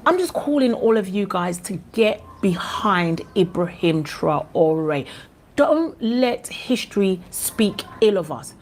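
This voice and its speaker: A woman's voice: mid-range voice, expressive, slow pace. A woman from Ghana with a Ghanaian accent, giving an impassioned commentary vlog in a passionate, indignant way. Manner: passionate and indignant, with fillers and restarts. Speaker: vlogger.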